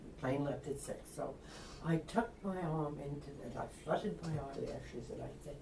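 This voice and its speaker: Animated older woman telling a story. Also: deep voice, moderate pace, creaky. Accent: Long Island. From Long Island. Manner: animated storyteller acting out quotes, laughs often. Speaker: author guest. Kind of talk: storytelling interview. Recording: echoey room, distant mic, faint noise.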